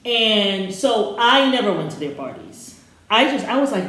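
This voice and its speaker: A soft-spoken woman from Sierra Leone, co-hosting a review show and telling a story in a rambling, casual way with many fillers. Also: mid-range voice, very animated, normal speed. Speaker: co-host reviewing a docuseries. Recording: very echoey room.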